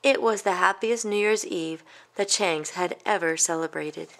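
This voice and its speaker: A woman's voice: fairly low pitch, moderate pace, a little hiss or hum. Woman reading a picture book aloud. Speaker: storybook reader.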